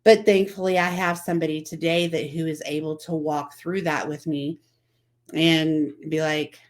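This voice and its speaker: A woman's voice: low voice, fairly even intonation, moderate pace. A woman hosting a casual motivational talk, chatting and repeating herself as she quotes other people. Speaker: vlog host.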